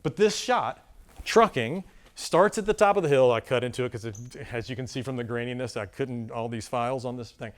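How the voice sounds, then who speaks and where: A man leading a live filmmaking workshop for an audience, talking in a rambling, self-deprecating, animated way. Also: medium pitch, brisk. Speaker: workshop presenter. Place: conference room before a live audience.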